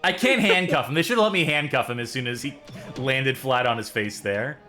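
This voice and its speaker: A man co-hosting a casual gameplay show, tossing off wry, sarcastic remarks. His pitch moves around a lot as he talks. Game music plays clearly behind him. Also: animated, fairly quick. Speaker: co-host playing the game.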